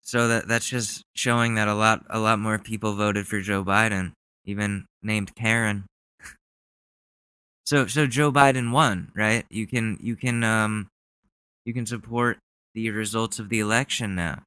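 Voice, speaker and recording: Young guy podcast host rambling and snarky, bright crisp voice, dry close sound. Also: on the low side, steady tone, a little slow, no room sound. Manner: rambling, sarcastic, swears freely. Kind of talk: casual commentary.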